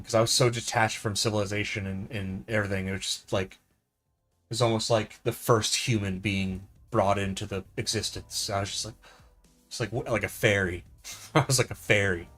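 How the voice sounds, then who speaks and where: A man's voice: on the low side, steady tone, normal speed, a bit bright, faint music behind. Rambling middle-aged male streamer. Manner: rambling, self-deprecating storytelling with lots of fillers. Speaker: live streamer. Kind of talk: casual live-stream chat over gameplay.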